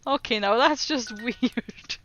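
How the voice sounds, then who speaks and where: A woman's voice: fairly high pitch, a bit bright, highs cut off. A woman streamer chatting casually while doing language lessons, repeating foreign phrases aloud and giggling often.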